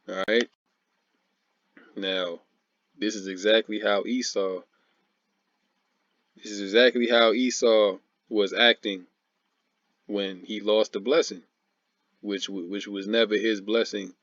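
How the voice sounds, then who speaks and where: Mocking, laughing man with a low voice. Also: steady tone, slow pace, long pauses, fairly bright tone, dry recording, muffled recording. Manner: mocking, laughs often, repeats "man" and "all right"; reads scripture aloud. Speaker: religious commentator. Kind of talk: informal preaching commentary.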